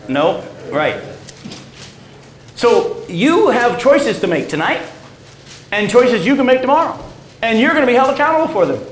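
A man preaching a sermon and reading scripture aloud, swinging between loud emphatic peaks and low, quiet stresses. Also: sing-song, normal speed, long pauses, roomy sound, slight background noise, low-quality recording. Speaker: pastor.

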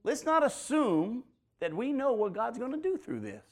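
A man's voice: very high voice, very animated, normal speed. A male preacher teaching the Bible in a conversational sermon, calling his listeners folks and asking them rhetorical questions.

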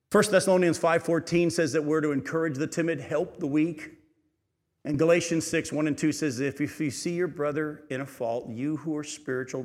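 A man preaching a sermon. He reads scripture aloud, comments on it, and swings between raised and hushed delivery. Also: on the high side. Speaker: pastor. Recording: reverberant hall.

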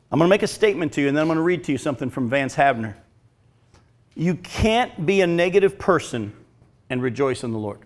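A middle-aged man preaching a sermon, earnest and emphatic, reading aloud from a devotional. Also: mid-range voice.

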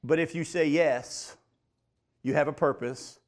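Middle aged guy preaching, bit high voice, leans hard on key lines, talks right to the folks. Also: fairly even intonation. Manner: emphatic preaching, slows for key points, addresses folks directly. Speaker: pastor. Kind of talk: sermon.

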